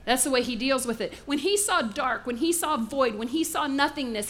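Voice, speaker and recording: Woman pastor, bright tone, animated sermon delivery. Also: sits high, moderate pace, hardly any pauses. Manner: animated preaching, acts out voices in asides.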